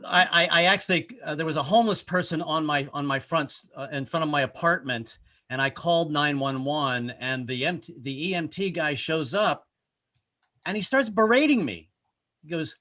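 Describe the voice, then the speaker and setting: A man performing a rambling, self-deprecating stand-up comedy set, often shouting in put-on voices. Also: a little high, moderate pace. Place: home in Brooklyn, skyline behind.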